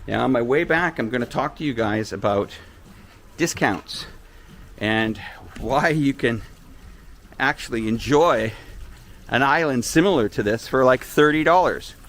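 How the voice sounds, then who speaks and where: A man hosting a live-stream tour, chatting in an animated, storytelling way from outdoors at a beach resort. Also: mid-range voice, a little slow, a little hiss or hum. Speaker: vlogger host.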